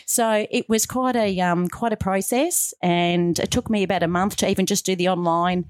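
In a radio studio, a middle-aged woman speaks at a moderate pace in a mid-range voice, the sound clean and without any room noise. Her interview chat is relaxed, and she tells her tale like an animated storyteller, voicing each quote.

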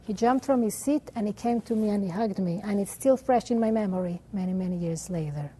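A woman teaching religion through an animated story, with Hebrew terms woven in. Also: medium pitch, fairly quick, husky. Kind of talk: storytelling lesson.

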